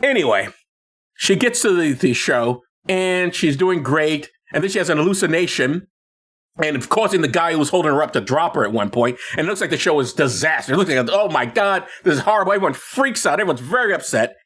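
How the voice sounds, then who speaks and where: Podcast co-host, male, lively swooping delivery, slightly high, halting and chatty. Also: husky. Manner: animated, halting retelling with many restarts and laughs. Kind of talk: casual movie chat.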